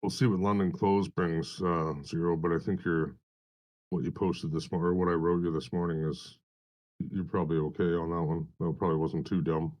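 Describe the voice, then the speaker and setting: A man's voice: low voice, steady tone, moderate pace, darkish tone. A man hosting a casual trading stream, rambling and swearing freely. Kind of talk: casual chat.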